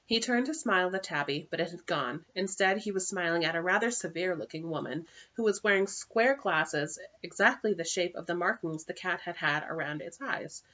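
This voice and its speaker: Woman reading a story aloud, lower voice. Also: normal speed, few pauses, dull audio. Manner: steady reading with occasional slips and self-corrections. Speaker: audiobook reader. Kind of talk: amateur audiobook narration.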